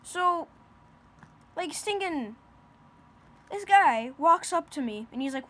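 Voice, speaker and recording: A woman's voice: very high voice, animated, slow pace, fairly bright tone. A woman improvising a silly comic story, rambling with lots of fillers and restarts.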